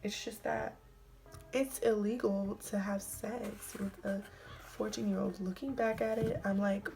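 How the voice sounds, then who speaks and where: Chatty young woman with a gravelly voice. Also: medium pitch, fairly even intonation, unhurried, music in the background. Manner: chatty, many "like" fillers, drops to whispers. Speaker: vlogger. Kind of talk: casual storytime.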